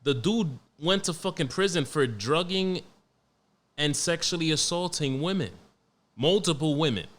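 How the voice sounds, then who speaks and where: A young man hosting a solo podcast, talking in a blunt, profane, joking way and reading news out loud. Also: fairly high pitch, animated, unhurried. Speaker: podcast host. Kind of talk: casual solo podcast monologue.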